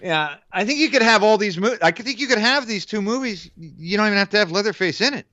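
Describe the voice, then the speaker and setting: A man's voice: sits high, lively intonation, fast, pushed and bright, dry recording, dull audio. A man co-hosting a casual movie review podcast, talking in a joking, profane, rambling way. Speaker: podcast co-host. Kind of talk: casual film review chat.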